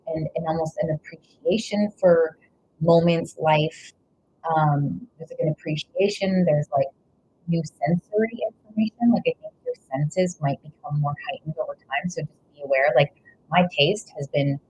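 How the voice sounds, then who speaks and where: In a low-pitched, somewhat mellow voice, a woman reads tarot live, rambling and gushing emotionally with frequent exclamations of "wow" and "whoa." The audio is lo-fi, slightly dull, and faintly noisy.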